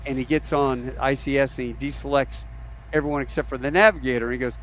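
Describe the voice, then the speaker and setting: Man telling a lively flying story. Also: mid-range voice, fast talker, very noisy. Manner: animated storyteller, acts out quotes. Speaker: podcast host. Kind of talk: casual storytelling.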